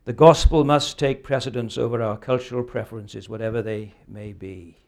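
A man's voice: mid-range voice, steady tone, moderate pace, creaky. A man in his sixties preaching a sermon, earnest and emphatic, often ending points with rhetorical questions. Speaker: pastor.

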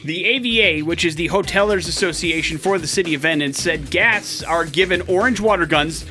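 A man's voice: a little high, brisk, bright, forceful tone, soft background music. A man co-hosting a morning radio show, reading headlines and joking around in casual banter from the studio. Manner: playful, jokey banter. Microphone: studio microphone.

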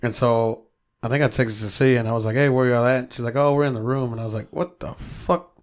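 Male podcast co-host, mid-pitched, loose and profane storyteller. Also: steady tone, quick pace. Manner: storytelling, heavy swearing, quotes himself. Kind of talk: casual chat.

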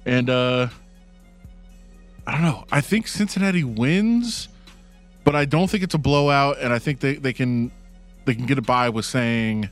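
A man talking casually about sports as a guest, hesitant and relaxed with many fillers. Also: medium pitch, measured pace, pauses often, faint music behind.

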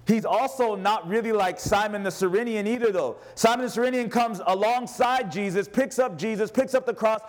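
Fervent preacher with a higher-pitched voice. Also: male voice. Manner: passionate, swinging from raised to hushed delivery. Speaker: pastor. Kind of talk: sermon.

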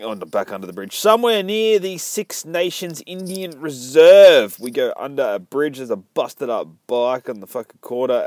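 A man's voice: on the high side, no echo, clean studio sound. A man, rambling through a casual, profane comic book review. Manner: rambling, swears a lot, laughs between thoughts.

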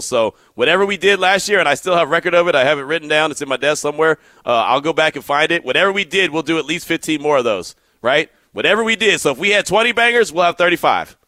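A man hosting a sports radio show, telling stories in an animated way and acting out the quotes. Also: on the high side, no room sound. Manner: animated storyteller, acts out quotes. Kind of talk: casual sports radio talk.

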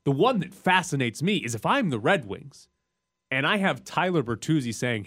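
A man co-hosting a casual sports talk show, getting animated and sharply rising in pitch when he makes a point. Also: moderate pace, dry recording, studio quality. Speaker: sports podcast co-host.

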